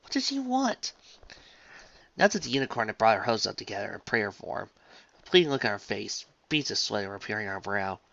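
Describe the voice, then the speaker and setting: A reader narrating a fan-written pony story in a lively, animated delivery, on a dull lo-fi recording. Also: mid-range voice, fast talker, vocal fry.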